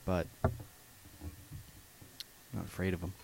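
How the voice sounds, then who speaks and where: A man's voice: sits low, monotone, unhurried, gravelly, a little mellow. A man co-hosting a podcast in casual chat, dry and sarcastic in his asides. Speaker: podcast co-host.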